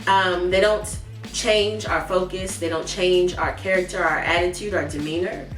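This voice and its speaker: A woman's voice: on the low side, fairly even intonation, normal speed. Woman teaching a Bible lesson, roomy. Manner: earnest, warm laughs at asides, talks directly to viewers. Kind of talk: conversational Sunday school lesson. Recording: roomy, from a distance, with soft music behind. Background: faint background music.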